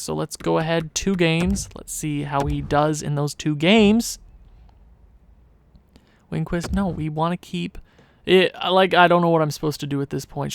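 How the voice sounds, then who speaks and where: Man rambling through gameplay commentary, gravelly. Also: on the high side. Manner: thinks aloud, rambling and hesitant with restarts; swings from mumbling to sudden excited outbursts. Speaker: gaming channel host.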